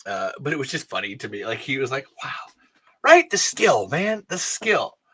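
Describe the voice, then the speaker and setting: A man hosting a fan show in loose, rambling chat. His voice is bright and forceful, his delivery excitable and full of swearing. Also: medium pitch, husky. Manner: excitable, profane, rambling, quick to laugh. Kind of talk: casual chat.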